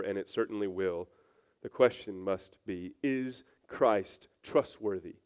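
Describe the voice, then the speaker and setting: A man's voice: lowish voice, normal speed, mellow, clean tone. A male pastor giving a sermon, shifting from casual, filler-heavy storytelling to earnest teaching with big swings in energy.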